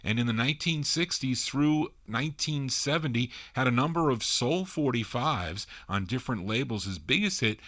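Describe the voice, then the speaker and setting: A man hosting a vintage record show with a bright, forward voice. He chats easily between songs and answers listener questions. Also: medium pitch, lively intonation, normal speed, hardly any pauses. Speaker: radio DJ host. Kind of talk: oldies radio DJ patter.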